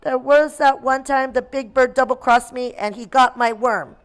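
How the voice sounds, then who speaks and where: A woman's voice: high-pitched, fairly even intonation, moderate pace, voice pushed up, natural voice. A woman voicing a whiny little boy crow who cries all the time and tattles to his mother. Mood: sulky. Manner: whining, tattling, sobbing.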